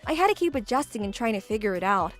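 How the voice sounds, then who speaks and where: A woman narrating a first-person animated story as its lead, with an exasperated, sarcastic inner-monologue manner. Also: mid-range voice, racing, faint music behind.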